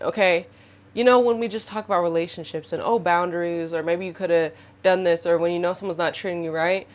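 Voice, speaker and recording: A young woman in her twenties, hosting her own podcast, talks straight to her audience in a casual, expressive way and acts out what people said to her. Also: fairly low pitch. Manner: expressive, animated, acts out quotes. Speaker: podcast host. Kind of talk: casual monologue to camera.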